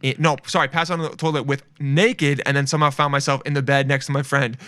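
A man hosting a podcast, reacting quickly and joking crudely in casual chat. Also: medium pitch, level tone, fairly bright tone, no room sound. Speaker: podcast host.

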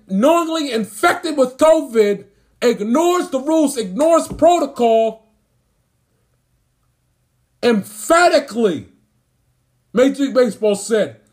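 A man ranting about sports, indignant and emphatic, hammering his points by repeating phrases. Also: extremely high pitch. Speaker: sports commentator. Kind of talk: angry sports rant.

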